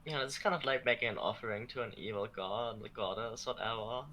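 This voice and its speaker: A man's voice: mid-range voice, fairly quick, bright, forceful tone, a little hiss or hum. A man playing a tabletop game, chatting in a playful, joking way. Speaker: player. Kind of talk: casual tabletop game chat.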